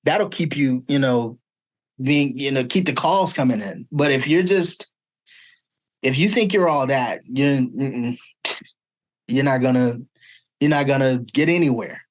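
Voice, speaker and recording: A man's voice: medium pitch, poor audio. A male voice actor in casual chat on a video call, playful and joking, drawing his words out. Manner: playful, joking, drawn-out delivery.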